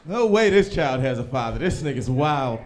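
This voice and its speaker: A young man doing a stand-up comedy set in a small live venue, loud and profane, often shouting as he acts out people in his stories. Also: medium pitch, normal speed, background noise. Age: young adult. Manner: loud, animated, profane, swings into shouting impressions.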